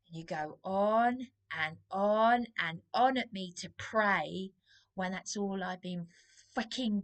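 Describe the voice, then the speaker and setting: A woman talks straight to camera, short of breath. She sounds agitated and wronged, and her rambling complaint moves at an unhurried, drawn-out pace at an ordinary pitch. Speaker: vlogger. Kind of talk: emotional monologue to camera.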